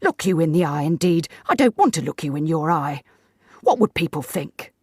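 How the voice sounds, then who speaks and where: A woman voicing a calm, firm, sharp-tongued old lady. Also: low-pitched, normal speed, husky, dry recording, clean studio sound, heavily acted.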